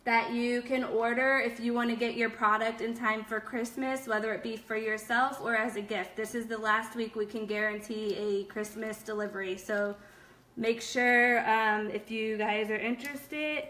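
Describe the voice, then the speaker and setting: Young woman host, slightly high voice, upbeat and chatty, full of fillers. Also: steady tone, normal speed, sharp tone. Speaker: live-stream host of a nail product shop. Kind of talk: casual live-stream chat reading viewer comments.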